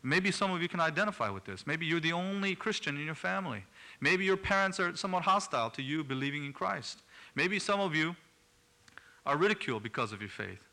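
A man's voice: on the high side, lively intonation, fairly quick, sharp tone. A man preaching a sermon in an earnest way, rising to emphatic bursts.

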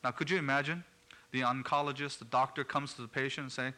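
A man's voice: mid-range voice, steady tone, fast, pushed and bright. A man preaching a sermon in an earnest way, rising to emphatic bursts.

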